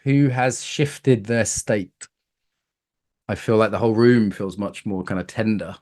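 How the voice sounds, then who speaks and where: A man from Britain teaching a live coaching workshop, lively and playful, asking the room questions. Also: lowish voice, measured pace.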